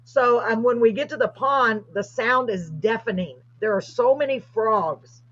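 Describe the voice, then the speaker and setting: A woman's voice: on the high side, unhurried. A woman, hosting and animatedly telling a story in a casual chat. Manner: animated, excited retelling. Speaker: host. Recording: dull lo-fi livestream audio.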